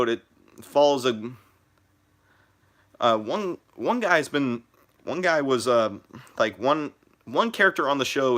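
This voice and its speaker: A young man talks through his first live stream in a loose, rambling way. He keeps restarting his sentences and padding them with fillers. His voice sounds bright and forceful at a middle pitch. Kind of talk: casual live stream chat.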